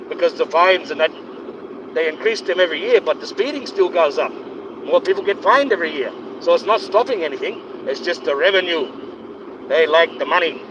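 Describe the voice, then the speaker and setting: A man live-streaming while driving on a highway, giving rambling, opinionated commentary in a put-on accent. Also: expressive, brisk. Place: inside a moving car on a highway. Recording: dull lo-fi sound with road noise. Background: engine and road noise.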